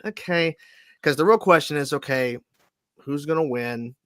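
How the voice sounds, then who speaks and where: A man hosting a casual livestream chat show over a video call, talking in a lively, animated way and laughing often. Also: a little high, normal speed, no echo, studio quality. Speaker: host.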